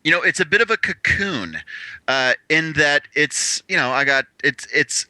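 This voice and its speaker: A male co-host with a very bright, forceful voice, recorded dry and close. He rambles casually and fills his talk with fillers. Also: a little high, animated, moderate pace, no echo. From Southern California. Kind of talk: podcast chat.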